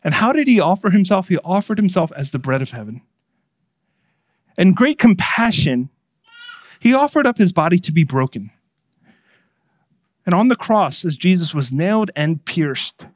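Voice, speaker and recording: Male pastor, earnest sermon delivery, pitched a bit high, dry close-miked sound. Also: no echo. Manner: earnest preaching, swings from hushed to emphatic.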